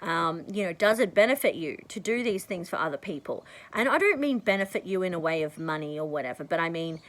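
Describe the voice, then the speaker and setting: A woman vlogger giving casual advice to the camera, rambling and chatty, often clearing her throat. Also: fairly quick, rough recording. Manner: bursts into high excited tones when acting out conversations.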